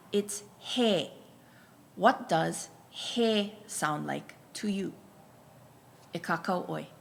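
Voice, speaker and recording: A woman with a fairly low, creaky voice teaches a slow, deliberate Hawaiian pronunciation lesson. She patiently spells out each letter and tells learners to write it down.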